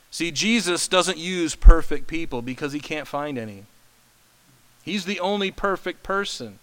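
Smooth-voiced conversational preacher. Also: male voice, fairly high pitch, fairly bright tone, poor audio. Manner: conversational, explains with asides to the congregation. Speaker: pastor. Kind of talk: sermon.

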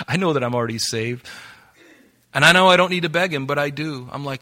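A man preaching a sermon as pastor, animated and acting out quoted voices. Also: fairly high pitch, moderate pace, long pauses.

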